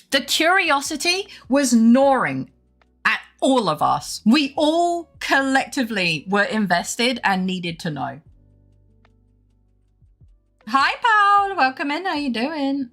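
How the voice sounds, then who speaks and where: A woman streamer chatting casually with her live chat, rambling through a funny story with animated retellings. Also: mid-range voice. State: unwell with brain fog.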